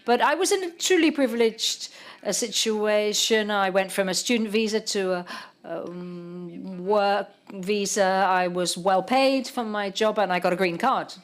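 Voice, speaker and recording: A woman's voice: mid-range voice, unhurried. Woman novelist, panel guest; thoughtful, word-searching delivery. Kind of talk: public literary conversation.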